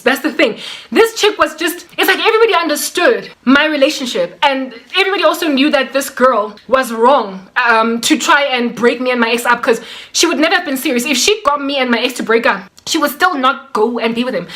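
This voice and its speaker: A woman recounts a personal story to camera, chatty and animated, with plenty of fillers. Her voice sits a little high and sounds bright and forceful. She acts out the lines of the people in her story. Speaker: vlogger.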